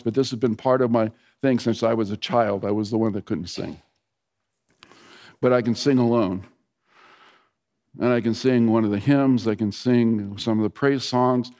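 A man in his sixties preaching a sermon in a conversational storytelling way, dropping to a soft hush when he prays. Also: on the low side, long reverb tail. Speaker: pastor.

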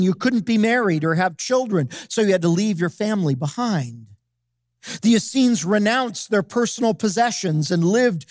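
A pastor preaching a sermon in a measured, emphatic way, with deliberate pauses between phrases. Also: mid-range voice, dry recording, studio quality.

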